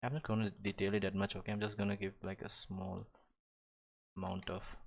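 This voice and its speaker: Young man, lowish voice, casual stream chat, rambling, restarts, light chuckles. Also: level tone, fast, vocal fry, a little hiss or hum. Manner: rambling, many restarts and fillers, chuckles often. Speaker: live-stream digital artist. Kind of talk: casual chat while drawing.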